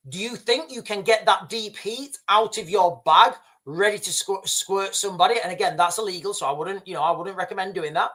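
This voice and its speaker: A man's voice: sits high, fairly quick, hardly any pauses, bright, forceful tone. A man hosting a livestream, giving blunt, emphatic advice to his viewers, repeating his points with many restarts. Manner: frequent restarts and fillers. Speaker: livestream host.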